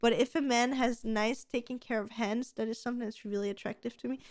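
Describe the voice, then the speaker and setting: A woman's voice: a little high, fairly even intonation, fairly quick, no echo, clean studio sound. Gushing, giggly woman in her thirties. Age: 30s. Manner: gushing, giggly and freely swearing. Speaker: podcast co-host. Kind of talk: casual chat.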